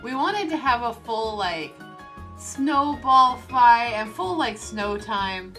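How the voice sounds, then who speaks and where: A woman's voice: on the high side, expressive, slow pace, bright, forceful tone, faint music behind. A young woman joining a casual chat stream and adding dry, joking asides. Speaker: co-host.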